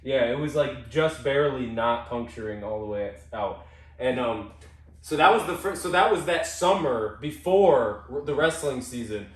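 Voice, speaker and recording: A man's voice: medium pitch, lively intonation, normal speed. Rambling young man in an echoey room. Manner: rambling, self-interrupting, swearing freely. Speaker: podcast co-host. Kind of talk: casual storytelling chat. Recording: roomy sound from a distant mic.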